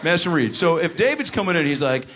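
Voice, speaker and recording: A man's voice: a little high, sing-song, quick pace. A man doing live stand-up crowd work, teasing audience members with brash, profane jokes. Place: comedy venue with live audience. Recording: live room with crowd laughter and noise.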